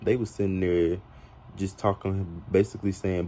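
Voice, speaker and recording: A man's voice: low voice, steady tone, normal speed, mellow. A man telling gossip in a drawling, profane confessional as a player in a fan-made reality game roleplay. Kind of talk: confessional storytelling.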